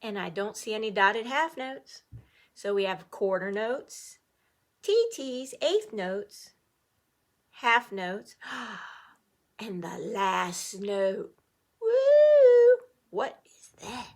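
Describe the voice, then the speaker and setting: A middle-aged woman teaching an online music lesson to children, playful and animated, cheering the class on. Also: medium pitch, takes it slowly.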